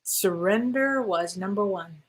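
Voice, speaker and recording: A woman's voice: mid-range voice, unhurried, slightly rough. A woman co-hosting a casual talk show, speaking in a reflective, earnest way. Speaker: co-host. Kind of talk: casual conversation.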